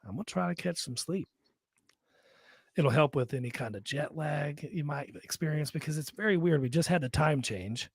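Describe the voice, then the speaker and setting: A man's voice: a little high, normal speed, vocal fry, slightly rough, no echo, studio quality. A man co-hosting a live podcast, chatting casually and joking with plenty of swearing. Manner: profane, rambling, joking. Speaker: podcast co-host.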